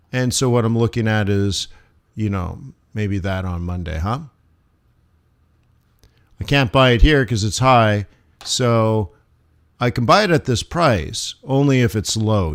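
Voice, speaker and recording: A man teaching forex on a live stream, thinking aloud over charts with playful asides and sudden animated bursts. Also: medium pitch, clean tone. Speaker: forex trading instructor. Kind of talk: live trading stream commentary.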